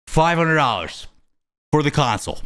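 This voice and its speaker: A man's voice: a little high, animated, normal speed, a bit bright, clear, resonant tone. A young man hosting his own video, ranting about a product with crude, exasperated swearing. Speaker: host. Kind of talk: profane ranting commentary.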